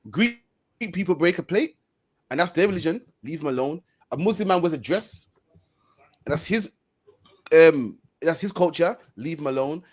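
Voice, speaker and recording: A man hosting an online stream discussion, talking in a fast, emphatic, preaching way. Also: on the high side, lively intonation.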